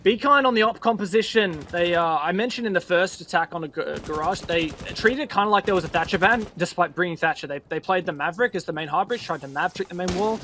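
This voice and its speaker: A man giving fast play-by-play esports commentary, excitable and bantering with his co-caster. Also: sits high, slight background noise.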